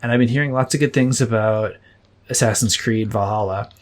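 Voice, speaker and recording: A man in his thirties co-hosting a podcast, telling relaxed stories in casual chat with plenty of fillers. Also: fairly low pitch, fairly quick. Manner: relaxed storytelling with many fillers. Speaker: podcast co-host.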